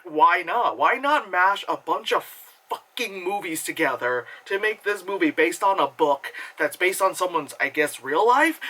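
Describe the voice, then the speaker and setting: A casual movie reviewer rambles through a film breakdown, peppering every thought with fillers and swearing. The voice bounces up and down with lively pitch swings, and it has a bright, sharp edge. Laughter and quick impressions break in often. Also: poor audio.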